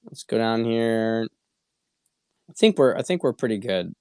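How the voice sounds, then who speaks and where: A man's voice: lowish voice, very animated, unhurried, a little mellow, clean tone, no room sound, studio quality. A man hosting a casual livestream, answering viewer questions in a blunt, profane way and often repeating himself. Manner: blunt and profane, with frequent repetition and restarts. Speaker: show host.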